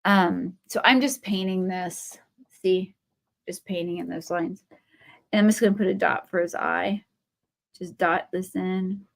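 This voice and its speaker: A woman's voice: on the low side, unhurried, creaky. A woman, hosting a live craft stream. She rambles and tells stories, talking to viewers by name as she paints. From Ohio. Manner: rambling, animated storytelling, talks to viewers by name while painting. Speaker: craft livestream host.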